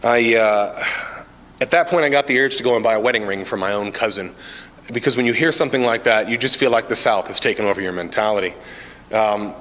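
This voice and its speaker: A man telling stand-up comedy stories in a casual, deadpan way, with many "uh" fillers, recorded in an indoor common area. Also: fairly low pitch, fast talker. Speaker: amateur stand-up comic, Army sergeant. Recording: reverberant indoor room.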